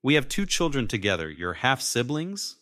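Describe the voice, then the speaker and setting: A man voices a nervous middle-aged father who pleads shakily, pitching himself above his own natural voice. His medium-pitched delivery is pushed and bright, with big pitch swings and a moderate pace, recorded dry in a clean studio.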